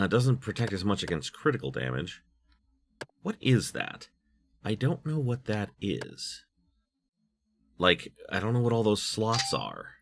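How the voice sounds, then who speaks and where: A man's voice: fairly low pitch, creaky. A man in his thirties giving rambling let's play commentary, full of likes and you knows. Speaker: gaming YouTuber.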